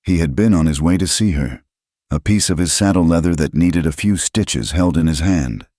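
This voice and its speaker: A man narrating a western story in a measured, solemn scripted delivery. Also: low voice, a little mellow, no room sound, clean studio sound.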